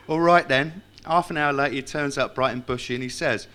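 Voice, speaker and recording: A man's voice: medium pitch, fairly quick, hardly any pauses, pushed and bright. Wry man telling stories to a club crowd. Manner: wry, self-mocking storyteller. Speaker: speaker at a tribute evening. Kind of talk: anecdotes and recited tribute poem. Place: club function room with live audience.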